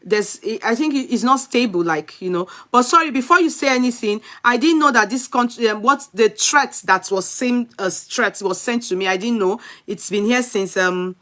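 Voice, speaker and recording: A Nigerian woman hosts an online talk show in a bright, slightly high voice. She talks emphatically and often breaks off into her own asides. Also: moderate pace, few pauses. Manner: emphatic, reads a letter aloud with asides. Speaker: host.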